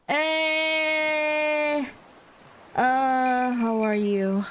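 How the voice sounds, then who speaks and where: A woman streamer in a casual chat livestream, playful and giggly, laughing often and trailing off with drawn-out fillers. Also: sits high, animated, a bit bright, a little hiss or hum. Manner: drawn-out, hesitant with many fillers.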